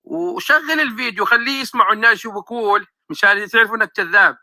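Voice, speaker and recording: A man's voice: very high-pitched, very fast, vocal fry, bright, forceful tone, dry recording. A man with a Levantine Arabic accent arguing insistently in a voice message, reciting scripture to press his point. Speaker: relative sending a voice message. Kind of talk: recorded voice message.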